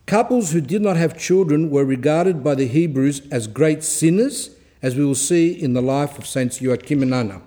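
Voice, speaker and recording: Guy giving a church talk, reads the story out then explains it quick, mellow kinda high voice. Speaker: Orthodox speaker giving a talk. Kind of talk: reading aloud and explaining a saint's life in a talk.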